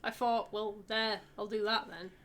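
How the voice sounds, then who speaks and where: A woman artist chatting casually on a stream, blunt and quick to laugh. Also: medium pitch, steady tone, fairly bright tone. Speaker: artist and guest. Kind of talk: casual chat.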